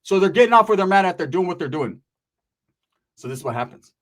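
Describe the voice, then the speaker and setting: A man's voice: high-pitched, animated, quick pace, background noise. A young man telling a crude, slangy comic story, tagging lines with "right?".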